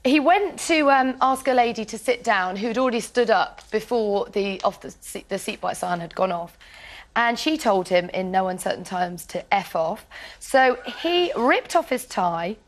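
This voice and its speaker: A woman's voice: mid-range voice, lively intonation, moderate pace. A woman on a TV show running through the morning papers in a breezy, amused way, often laughing through the stories. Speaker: guest newspaper reviewer. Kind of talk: reading and chatting about news stories. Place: TV studio.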